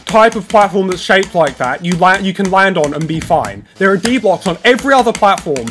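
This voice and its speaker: A man's voice: high-pitched, lively intonation, fairly quick, a bit bright, soft background music. A man giving live gameplay commentary, complaining in frustration about a level as he plays. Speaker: gamer playing live.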